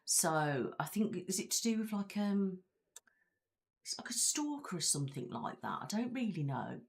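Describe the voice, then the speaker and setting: A woman's voice: fairly low pitch, sing-song, moderate pace, vocal fry. A woman with a British accent, hosting a casual live-stream chat, rambling and reading viewer comments aloud from her chair at home. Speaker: ASMR channel host.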